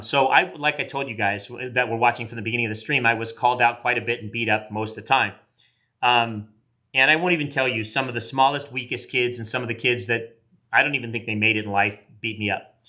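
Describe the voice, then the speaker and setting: This card collector, a man in his late fifties, tears into trading card packs on a live stream. His mid-range voice is bright and forceful, and his casual chatter wanders and often turns self-deprecating.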